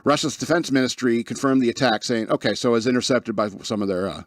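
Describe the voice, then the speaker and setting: A man hosting a talk radio show who reads news stories aloud, stumbling over names and cutting in with sarcastic remarks. His voice sits at a medium pitch and the recording is close and dry. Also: quick pace, no echo. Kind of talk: casual news commentary.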